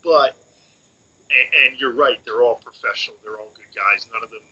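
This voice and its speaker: A man co-hosting a casual motorsports podcast, speaking haltingly with many restarts. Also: mid-range voice, pushed and bright, breathy edge. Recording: dull lo-fi audio with faint hiss.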